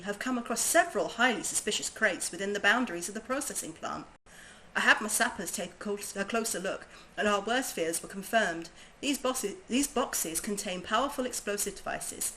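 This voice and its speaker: A woman's voice: mid-range voice, pushed and bright, a little hiss or hum, low-quality recording. A woman voicing a grave veteran army commander from a game, reading the lines in a formal, earnest way. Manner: formal, earnest read-aloud.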